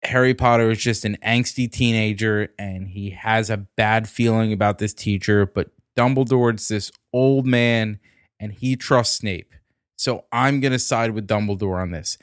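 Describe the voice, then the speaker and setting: Low-voiced man telling a story, dry sound. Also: fairly even intonation, unhurried, clean tone, no room sound. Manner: storytelling, blunt opinions. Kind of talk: casual chat.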